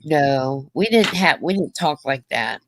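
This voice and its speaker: A woman with a stuffed-up nose joining a casual livestream chat, playful and quick to laugh. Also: deep voice, expressive, a little hiss or hum. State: stuffed up, congested.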